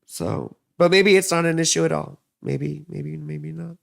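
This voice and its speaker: Man, thirties, chatty astrologer, casual rambling reading, dry close mic, gravelly edge. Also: on the high side, a little slow, fairly bright tone, no room sound. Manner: chatty, rambling, frequent fillers and asides. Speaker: astrologer and tarot reader.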